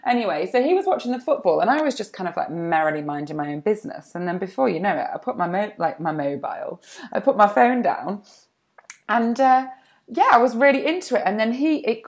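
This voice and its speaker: Lively, gravelly woman chatting. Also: medium pitch. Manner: chatty, self-deprecating, lively storytelling. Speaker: podcast co-host. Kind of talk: casual chat. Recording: muffled remote line.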